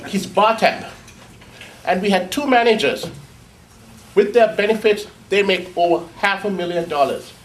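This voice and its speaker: A high-voiced man talks slowly and sarcastically as he scolds a board in a public hall. Faint background noise sits under his voice. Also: a bit bright. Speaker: public commenter. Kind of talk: public comment speech at a board meeting.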